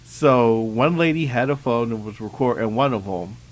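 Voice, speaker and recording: A man's voice: mid-range voice, animated, normal speed. A man co-hosting a podcast in casual chat, explaining a clip for listeners. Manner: chatty, explains for listeners, laughs often. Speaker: podcast co-host.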